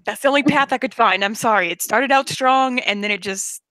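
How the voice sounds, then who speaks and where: A woman's voice: fairly high pitch, fairly quick, pushed and bright, slight background noise. A woman hosting a late-night livestream, tired after hours of streaming, rambling and goofy with frequent giggles. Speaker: livestream host. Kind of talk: late-night casual chat.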